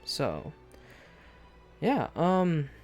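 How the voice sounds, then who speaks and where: A man's voice: fairly high pitch, wildly swooping pitch, drawn-out words, darkish tone, soft background music. A man streaming a video game live, chatting casually in a rambling, hesitant way with lots of fillers and restarts.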